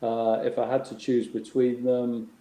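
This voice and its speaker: A man's voice: medium pitch, little pitch movement, a little slow, warm tone. A man on a livestream chat, enthusiastic but hesitant, with many fillers. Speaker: patron guest. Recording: roomy room sound.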